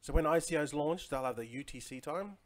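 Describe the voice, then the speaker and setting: His voice sits on the high side and moves fairly quickly. He's a crypto livestream host in his forties, broadcasting from home in Chiang Mai, rambling casually with many fillers and saying hello to viewers by name.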